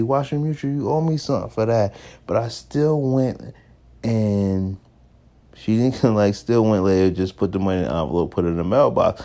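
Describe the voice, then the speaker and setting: A man in his thirties telling a dating anecdote in a casual, animated way, laughing now and then and acting out what others said in changing voices. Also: fairly low pitch, moderate pace. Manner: animated, acts out others' lines in shifting voices; laughs between lines. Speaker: storyteller.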